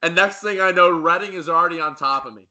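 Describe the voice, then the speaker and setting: Excitable young man with a bright voice. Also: on the high side, fast talker, highs cut off. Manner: excitable, rambling with restarts. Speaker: podcast co-host. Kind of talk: casual sports podcast chat.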